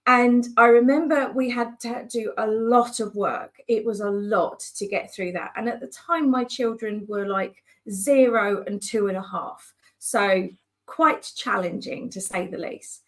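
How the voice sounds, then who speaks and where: A woman business coach telling stories in a conversational way, animated and acting out the voices of people she quotes. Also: medium pitch, measured pace. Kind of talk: conversational storytelling.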